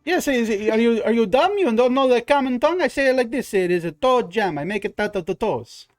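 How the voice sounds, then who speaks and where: A man's voice: high-pitched, lively intonation, brisk, faint music behind, pitched above the performer's own voice. A man voicing a pushy, cheerful male rat-folk baker with a put-on Italian accent. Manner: brash, haggling, calls everyone boss.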